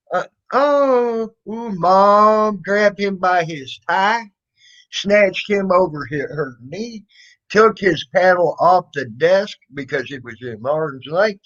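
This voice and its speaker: A man's voice: high-pitched, fairly bright tone. A man casually telling a childhood story, rambling and swearing, full of fillers and restarts. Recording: dull lo-fi recording.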